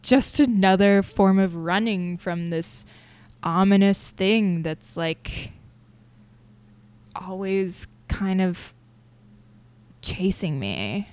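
A young woman hosting a personal solo podcast, talking candidly and haltingly with many fillers and restarts. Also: medium pitch, animated, a little mellow, smooth, dry recording. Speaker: podcast host.

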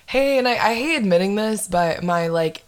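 A young woman in her twenties, a podcast host telling a dating story in casual chat, animated and full of "like". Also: mid-range voice, moderate pace. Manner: animated, heavy use of "like".

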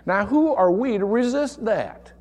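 A man's voice: high voice, expressive, measured pace, darkish tone, in a large hall. A man preaching a sermon as pastor, stressing and repeating key words for emphasis, recorded in a church. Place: church sanctuary.

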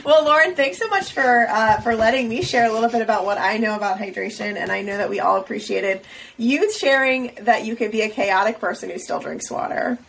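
Upbeat, teasing woman co-host; slightly high, creaky, laughs a lot. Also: brisk, a bit bright, rough recording. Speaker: podcast co-host. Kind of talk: casual podcast chat.

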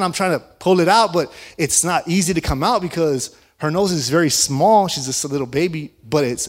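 Man, pastor, sermon storytelling, animated, laughs often, acts out dialogue, fairly high voice.

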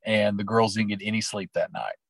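A man's voice: fairly low pitch, brisk, vocal fry, husky, dry recording, rough recording. A middle-aged man from Oklahoma, a teacher and sports coach, telling personal stories in an interview in an earnest, heartfelt, rambling way. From Oklahoma, USA.

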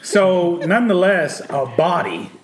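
A man's voice: sits high, a little slow. Guy telling a wild story, swears a lot, voice jumps all over, echoey room, faint hiss. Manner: profane, animated, laughing storyteller. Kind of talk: casual chat, storytelling.

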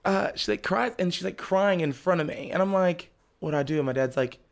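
A young man, a podcast guest, telling a story in casual chat, animated and laughing often as he acts out his family's lines. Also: sits high, fairly quick, creaky. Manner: laughs often while talking.

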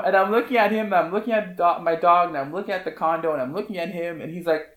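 A man, a hairstylist guest on a podcast, telling a story in an animated, casual way, full of fillers and repeated phrases. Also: high-pitched, quick pace, few pauses. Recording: roomy echo.

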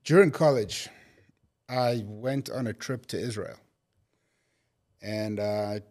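A man with a South African accent, a guest telling his story in a relaxed, rambling way with frequent restarts. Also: lowish voice, slow. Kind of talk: casual conversational storytelling.

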